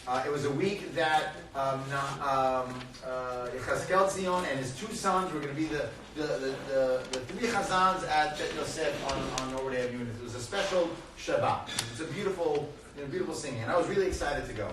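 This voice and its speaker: A man speaking as a guest at a parenting talk, telling a lively personal story to a live audience and acting out the voices in it. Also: mid-range voice, fairly quick, hardly any pauses. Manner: animated, laughing, acts out voices in his stories. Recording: echoey hall, far mic, crowd noise.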